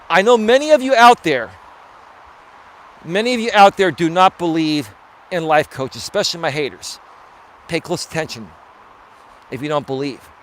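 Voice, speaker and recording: Man, life coach, blunt chatty monologue, walking outdoors, phone stream, high-pitched. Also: fairly bright tone. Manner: chatty, blunt, talks to his chat while walking. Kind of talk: casual live-stream monologue. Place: outdoors, walking around a building. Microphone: phone live stream.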